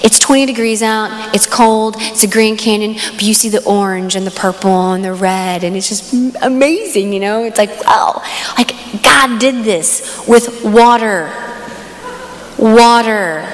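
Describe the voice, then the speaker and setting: Young woman speaker at a youth conference, excitable storyteller, reverberant live hall. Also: mid-range voice, a little slow. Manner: animated storytelling, excited exclamations. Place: large hall.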